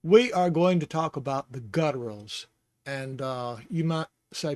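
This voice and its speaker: A man teaching the Hebrew alphabet in a casual, rambling way, sounding out syllables slowly and chuckling now and then. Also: a little high, animated, no echo. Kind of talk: casual lesson.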